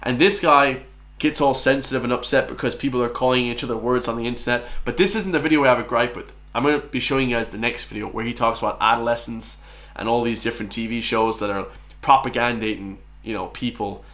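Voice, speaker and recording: A man's voice: mid-range voice, quick pace, a bit bright. Scornful twenty-something man ranting. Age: 20s. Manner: combative, scornful, addresses viewers as lads and guys. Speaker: reaction commentator. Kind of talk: ranting reaction commentary.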